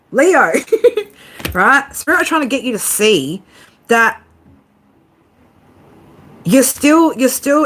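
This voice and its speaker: A woman's voice: fairly high pitch, fairly bright tone, slight background noise. A woman giving a casual tarot reading to her viewers, swearing freely, laughing often and talking straight to them. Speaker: tarot reader.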